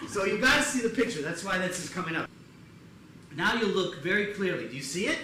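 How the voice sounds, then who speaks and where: Lively man telling stories on stage. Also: a little high, brisk, noisy background. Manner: animated, acts out other people's voices with loud bursts. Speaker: comedian performing a one-person show. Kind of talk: live storytelling stand-up. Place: theater stage before a live audience. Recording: echoey theater with audience ambience.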